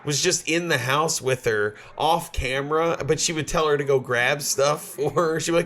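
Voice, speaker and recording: Rambling, profane podcast co-host. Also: male voice, fairly high pitch, moderate pace, hardly any pauses, fairly bright tone. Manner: rambling, profane, laughing storyteller. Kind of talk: casual comedic chat.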